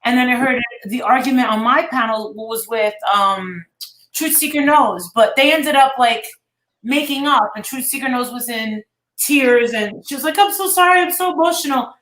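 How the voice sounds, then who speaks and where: Casting: woman host, slightly high voice, rambling gossip chat with swearing, echoey room. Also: normal speed, fairly bright tone. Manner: rambling, swears freely, retells quotes.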